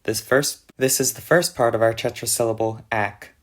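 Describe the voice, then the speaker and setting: A man's voice: medium pitch, fairly even intonation, moderate pace. A man narrating a scripted explanation of an invented language, with a dry, mock-serious delivery. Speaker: conlang video narrator.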